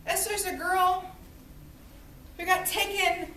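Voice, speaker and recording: A woman teaching a literature class, lecturing in a lively storytelling manner and acting out quotes. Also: very high-pitched, slow, a little hiss or hum. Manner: animated storytelling with acted-out quotes. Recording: echoey classroom from far off.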